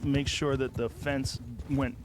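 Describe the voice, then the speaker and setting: A man chatting casually, telling relaxed, rambling stories about his dogs. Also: medium pitch, slow, noisy background. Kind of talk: casual chat.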